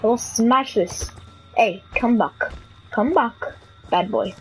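A woman's voice: fairly high pitch, slow pace, low-quality recording. Playful woman streaming a game. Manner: playful, joking, talks to other players. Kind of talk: live gameplay commentary. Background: game music.

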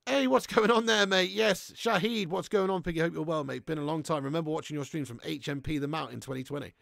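Gravelly lad streaming football. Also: male voice, on the high side, fast, no echo, clean studio sound. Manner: laddish banter, swears freely, reads chat aloud, bursts into shouts. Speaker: football watch-along streamer. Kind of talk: live stream chat and commentary.

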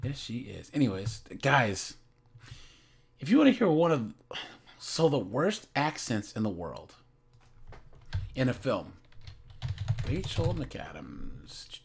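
A man casually rambling in reaction commentary, speaking slowly and often calling his viewers "guys" and "man". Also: mid-range voice, wildly swooping pitch, creaky, a little hiss or hum.

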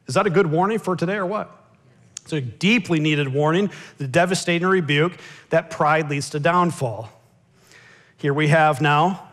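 An American man preaching a sermon, swinging from loud pleading cries to hushed asides. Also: sits high. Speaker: pastor. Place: church sanctuary.

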